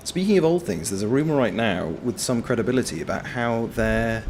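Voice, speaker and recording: Animated man narrating his gameplay. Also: mid-range voice, fairly quick, slight background noise. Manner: animated, sweary, yelling at enemies. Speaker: game streamer. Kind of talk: live gameplay commentary.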